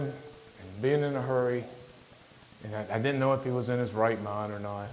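A middle-aged man giving an informal sermon as a guest speaker, plainspoken, halting, with frequent restarts. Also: mid-range voice, a little hiss or hum, poor audio. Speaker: guest lay preacher.

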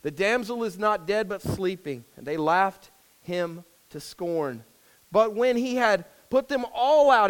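A man preaching a sermon, praying in a hushed voice and reading scripture aloud with rising intensity. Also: high-pitched, smooth. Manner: earnest, rises and swells when reading scripture aloud; hushed and slow in prayer. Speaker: pastor.

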